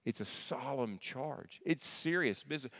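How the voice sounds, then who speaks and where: A man's voice: medium pitch, normal speed. Preaching man in a reverberant church hall. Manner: animated preacher, asks the congregation questions and answers them; repeats words and restarts phrases. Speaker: pastor. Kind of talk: sermon.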